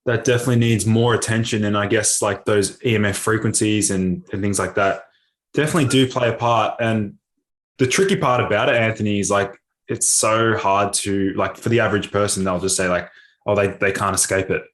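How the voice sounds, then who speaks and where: Host: man, lowish voice, casual hesitant questioning, lots of ums. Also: fairly even intonation, brisk, fairly bright tone. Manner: hesitant, many "um" and "like". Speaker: podcast host.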